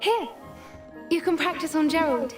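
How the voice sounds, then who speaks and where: An actress voicing a cheerful, eager young student in a video game who reassures a newcomer. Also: female voice, sits high, normal speed, close to an everyday voice. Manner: chirpy and reassuring. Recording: game audio with music.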